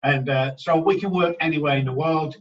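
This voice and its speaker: A man's voice: fairly high pitch, a little fast, recorded from a distance, highs cut off. A man from England, a recovery doctor talking bluntly and swearing a lot in a casual interview.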